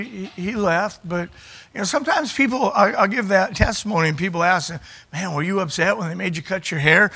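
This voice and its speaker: A middle-aged man preaching as he tells his own testimony, with an emotional delivery that swings from near shouts to quiet moments and often restarts his phrases. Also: high-pitched. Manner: emotional, rising to near shouting at climaxes, dropping quiet at others; repeats words and restarts phrases. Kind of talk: sermon storytelling.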